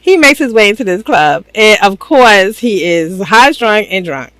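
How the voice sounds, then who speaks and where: A woman's voice: medium pitch, expressive, unhurried, a bit bright, no echo, rough recording. A woman giving a chatty, slangy, casual recap of a reality show, laughing often. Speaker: reaction channel host.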